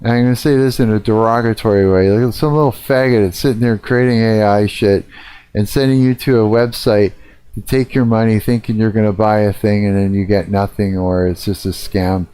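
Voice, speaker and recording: A man's voice: lowish voice, steady tone, fairly quick, dark tone, clean tone. Profane middle-aged man ranting on stream. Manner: profane, ranting, rambling with fillers. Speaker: live streamer. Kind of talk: casual live-stream rant.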